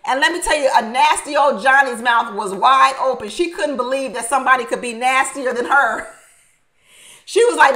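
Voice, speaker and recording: High pitched lady doing a reality tv recap, super animated, laughs a lot, repeats herself for effect. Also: moderate pace, low-quality recording. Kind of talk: casual reality show recap commentary.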